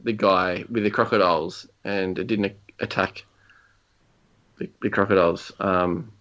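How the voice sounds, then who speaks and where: A man's voice: low voice, steady tone, moderate pace, a bit bright. A young man chatting casually about a video game, rambling through stories with lots of fillers and chuckles. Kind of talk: casual gaming chat. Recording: slightly dull lo-fi recording.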